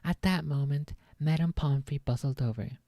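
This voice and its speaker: A woman with a notably low, deep-set voice reads a novel aloud for her stream, tripping over phrasing and dropping offhand, swear-laced asides. The sound is dry and close, with no room to it. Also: normal speed, warm tone, no room sound. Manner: stumbles on lines, laughs and swears in asides. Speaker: streamer reading a book aloud. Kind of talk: casual read-aloud on stream.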